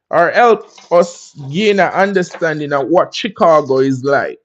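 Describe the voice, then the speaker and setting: A man's voice: high voice, a bit bright, dull audio. A Jamaican man hosting a casual livestream, talking in a laid-back, chatty way and often asking "you understand me?". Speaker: livestream host.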